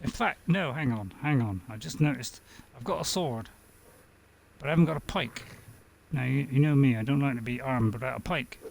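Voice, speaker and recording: A man's voice: medium pitch, moderate pace, vocal fry, a little hiss or hum. A man giving casual gameplay commentary as a streamer, rambling, talking to himself and chuckling often. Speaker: game streamer.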